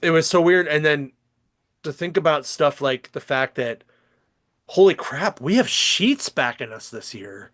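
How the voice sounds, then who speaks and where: A man's voice: a little high, lively intonation, measured pace, a bit bright, dry recording, clean studio sound. A man hosting a comics podcast, chatting casually in a rambling, profane way with lots of fillers and restarts. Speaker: podcast host. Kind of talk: casual chat.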